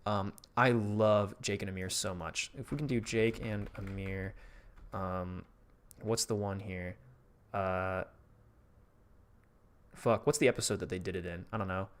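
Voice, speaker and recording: A man's voice: low-pitched, steady tone, unhurried, long pauses. A man hosting a casual live stream, chatting loosely as he rambles, swears often and laughs easily.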